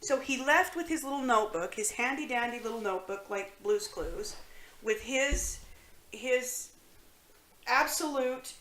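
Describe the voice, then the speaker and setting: A woman's voice: a little high, measured pace, a bit bright, reverberant, slight background noise, low-quality recording. A woman co-hosting a podcast, teasing and skeptical in casual banter. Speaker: podcast co-host. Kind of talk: casual chat.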